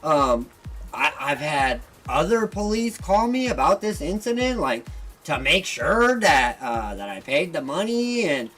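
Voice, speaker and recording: A man's voice: fairly high pitch, big pitch swings, measured pace, a bit bright, rough recording. A man hosting a gaming video, telling a story as a casual, heated, profane rant. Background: faint background music.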